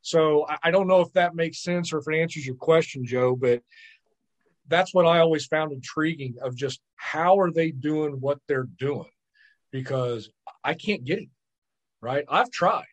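Podcast guest, man, somewhat high voice, animated and chatty storyteller. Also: a little slow. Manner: animated storyteller, repeats words and asks "right?". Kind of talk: casual storytelling.

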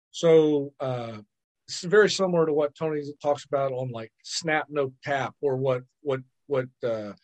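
A man, a podcast guest, telling stories in lively casual chat, often repeating words and checking in with "right?". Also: on the high side. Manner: animated storyteller, repeats words and asks "right?". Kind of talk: casual storytelling.

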